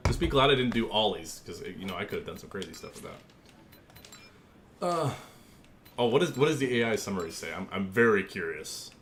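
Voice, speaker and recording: Goofy young male streamer with a lively voice. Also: lowish voice, a little fast, pauses often, a little hiss or hum. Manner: goofy, joking, easily amused, talks to chat. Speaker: gaming streamer. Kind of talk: casual livestream chat while designing a paint scheme.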